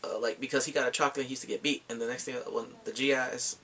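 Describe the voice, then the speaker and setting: A man casually retelling a film's plot as a movie reviewer, animated, laughing often and acting out quotes in squeaky voices. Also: racing, recorded from a distance.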